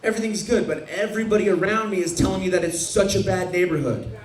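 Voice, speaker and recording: A man's voice: sits high, fast. A young man doing a profane, rambling stand-up set on a comedy club stage. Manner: brash, profane, rambling storytelling. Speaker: stand-up comic. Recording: echoey club room.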